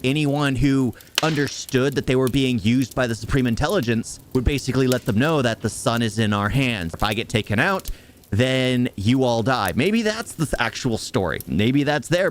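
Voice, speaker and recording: A man's voice: medium pitch, lively intonation, moderate pace, a little hiss or hum. A man ranting sarcastically through a movie review, firing off exasperated rhetorical questions.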